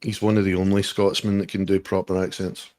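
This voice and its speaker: A man's voice: low voice, flat delivery, brisk, darkish tone, no room sound. A man hosting a podcast, chatting casually and swearing freely. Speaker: podcast host. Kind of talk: casual banter.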